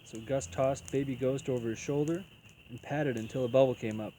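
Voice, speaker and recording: A man reading a children's picture book aloud as storyteller, in an even, unhurried way. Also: mid-range voice, slight background noise, rough recording.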